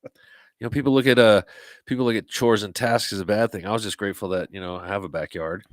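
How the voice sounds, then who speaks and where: A man's voice: fairly low pitch, fairly even intonation, quick pace, no echo, studio quality. A man hosting a podcast, telling stories in a rambling, profane, casual way. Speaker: podcast host. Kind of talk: casual chat.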